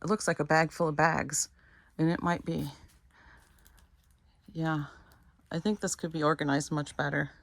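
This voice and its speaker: A middle-aged lifestyle vlogger talks casually to her viewers while working at a storage unit, rambling and correcting herself along the way. Her voice is low and level, with a creaky quality, normal speed, and frequent pauses. The recording is dry.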